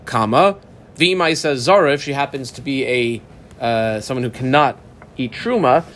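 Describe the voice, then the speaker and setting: A man teaching a Talmud class in a lively, conversational way, moving between English and Aramaic terms. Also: medium pitch, moderate pace, slight background noise.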